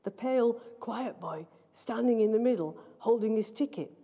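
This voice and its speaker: A woman author reading her own story aloud, in a lively, playful storytelling manner, in a large library hall. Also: a little high, normal speed. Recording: long reverb of a large hall.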